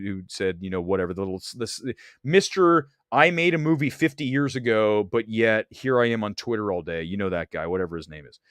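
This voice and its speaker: A man's voice: medium pitch, fairly bright tone, dry recording, studio quality. A man hosting a livestream about movies, talking bluntly and teasing his chat. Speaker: livestream host.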